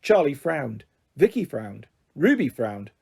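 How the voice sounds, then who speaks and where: Husky, expressive male storyteller. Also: mid-range voice, slow pace. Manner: expressive, lively read-aloud. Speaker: audiobook reader. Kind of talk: storybook narration.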